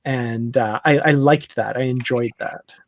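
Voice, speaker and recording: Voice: medium pitch, a little slow, vocal fry. A panelist on a live discussion show, easygoing and agreeable, laughing often.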